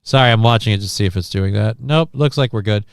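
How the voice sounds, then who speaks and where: A man's voice: fairly low pitch, fast, creaky, smooth, dry recording, clean studio sound. A man hosting a casual livestream, reading chat and news aloud in an offhand, profane way. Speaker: livestream host.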